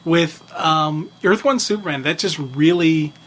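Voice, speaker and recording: A man chatting on a fan podcast, his voice sitting a little high for a man. He rambles eagerly, filling pauses with ums and you-knows. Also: fairly bright tone. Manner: enthusiastic, rambling with fillers. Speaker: podcast co-host. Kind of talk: casual chat.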